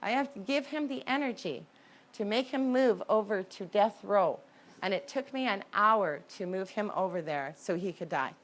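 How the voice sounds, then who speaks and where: A woman telling a personal story in a candid, conversational way, with sudden jumps in pitch and loudness. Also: moderate pace. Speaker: horse owner telling her story.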